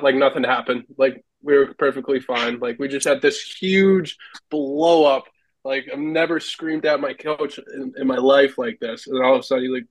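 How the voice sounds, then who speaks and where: A former hockey goalie, appearing as a podcast guest, tells rambling stories casually and laughs often. His voice is mid-range, and the recording is rough but free of echo.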